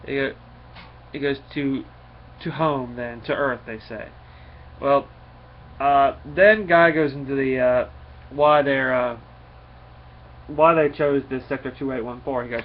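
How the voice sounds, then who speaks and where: A man casually recapping a comic book issue in a rambling, halting way, with many fillers and restarts. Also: medium pitch, steady tone. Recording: slightly dull recording with faint noise.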